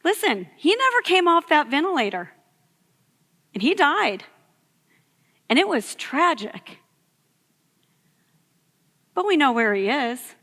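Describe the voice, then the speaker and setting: Woman in her thirties, youth sermon, chatty storyteller, high bright voice, echoey hall. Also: big pitch swings, slow pace, long pauses. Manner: storytelling, conversational with many fillers. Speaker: youth ministry speaker. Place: church hall.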